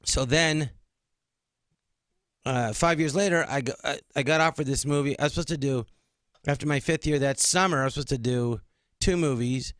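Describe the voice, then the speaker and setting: A middle-aged man guesting on a radio show, telling stories with lively back-and-forth quoting. The sound is close and dry, with no room around it. His pitch sits in the middle for a man. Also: moderate pace, no room sound. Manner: animated, acts out quoted dialogue. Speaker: guest comedian. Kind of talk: casual interview storytelling.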